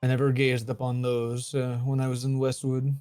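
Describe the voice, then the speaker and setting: A man's voice: medium pitch, completely flat delivery, moderate pace, dark tone, smooth, faint music behind. A man speaking in character at a tabletop game, drawling and musing. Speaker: player.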